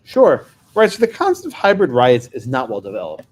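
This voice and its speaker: A man's voice: medium pitch, wildly swooping pitch, a little fast. A man from New York, a lawyer giving a talk, telling anecdotes with wry asides. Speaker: lawyer and guest speaker. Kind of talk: lecture with storytelling.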